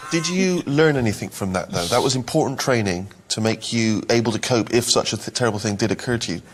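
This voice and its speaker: A man's voice: medium pitch, quick pace. A man asking interview questions in a dry, mock-serious tone.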